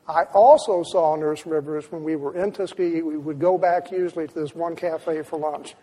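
Man, storyteller at a talk, husky, with a long reverb from a big hall. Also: on the high side, brisk, dark tone. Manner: vivid storytelling with many restarts. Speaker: speaker. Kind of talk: storytelling lecture.

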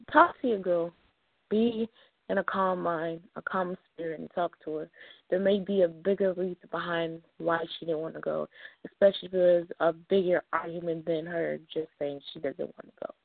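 A low-voiced woman with a gravelly edge gives calm, earnest advice as a radio show host. Her voice comes through a thin, phone-like line with no room sound around it. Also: no echo. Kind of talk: casual advice talk on an internet radio show. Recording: tinny phone-like line, dry.

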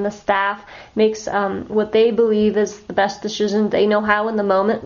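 A woman's voice: on the high side, darkish tone, lo-fi sound. A woman teaching an online class on communicating with shelter animals, speaking earnestly and checking in with her students often.

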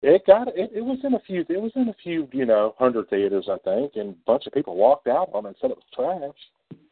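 A man's voice: mid-range voice, sing-song, a little fast, breathy edge, no echo. A man co-hosting a podcast, chatting casually and profanely about horror films and laughing readily. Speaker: podcast co-host. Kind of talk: casual movie discussion. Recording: tinny phone-like sound, dry.

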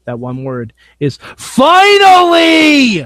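A man co-hosting a wrestling podcast, excitable and goofy, laughing often. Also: fairly high pitch, moderate pace, dry recording. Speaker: podcast co-host. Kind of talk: casual podcast chat.

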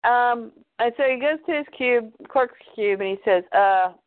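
A woman co-host animatedly recapping a comic book with quick asides. Her voice sits a bit high. The sound is narrow and tinny, like a phone line, with no room echo. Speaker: podcast co-host.

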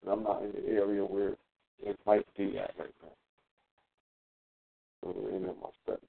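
A man's voice: fairly low pitch, monotone, normal speed, vocal fry. A man talking casually on a radio show, rambling and profane, often hunting for his words. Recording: tinny phone line.

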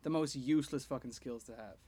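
A man's voice: medium pitch, fast, dark tone, breathy edge. A man co-hosting a casual podcast over beers, swearing and joking, and laughing often. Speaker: podcast co-host.

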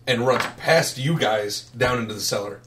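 A man's voice: medium pitch, moderate pace. A man narrating as game master of a tabletop game, describing the scene in a casual, matter-of-fact way. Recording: distant noisy mic.

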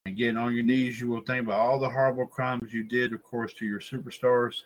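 A man hosting a casual wrestling podcast, his pitch sitting in an ordinary middle range. He rambles, loops through repeated filler phrases and talks straight to his listeners as folks. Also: flat delivery, fairly quick, poor audio. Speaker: podcast host.

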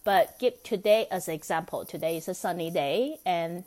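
A woman's voice: lowish voice, moderate pace, a little mellow. A woman hosting a solo self-help podcast, talking in a chatty, coaxing way and often checking in with "right?". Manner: laughs between thoughts. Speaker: podcast host.

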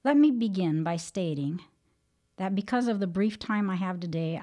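A woman hosting a Christian teaching program, reading an earnest devotional talk and telling a story in a measured way. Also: lowish voice, mellow.

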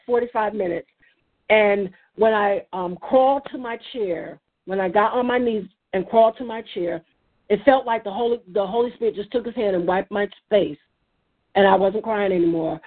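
A woman's voice: mid-range voice, moderate pace. A woman leading a faith roundtable, talking earnestly with many restarts and fillers over a phone call. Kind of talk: casual faith discussion. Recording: tinny phone line.

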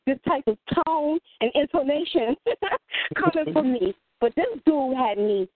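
A woman speaks with a high, swooping voice that climbs and drops as she tells her story with indignation. Her audio comes through thin and phone-like, with a dry sound. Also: lively intonation, a little slow, no room sound. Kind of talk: casual talk show discussion. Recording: tinny phone-like line, dry.

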